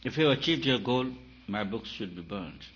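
A man, a spiritual teacher, giving an emphatic talk full of rhetorical questions, swinging between loud and soft. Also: fairly low pitch, lively intonation, moderate pace. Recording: dull lo-fi recording with faint hiss.

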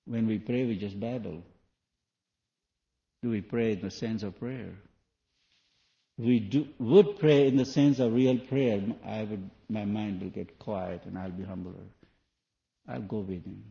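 Male spiritual teacher, dark and mellow, rhetorical questioning, lo-fi 1980s tape. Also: lowish voice, fairly even intonation, measured pace, gravelly, long pauses. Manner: rhetorical questions, non-native phrasing. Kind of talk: spoken sermon to an audience. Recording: dull lo-fi 1980s tape recording.

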